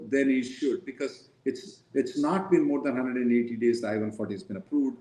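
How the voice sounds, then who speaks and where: A man's voice: mid-range voice, brisk, few pauses, mellow, roomy sound, rough recording. A man answering viewer questions as a regular on a live Q&A show, restating each question and thinking aloud with some hesitation.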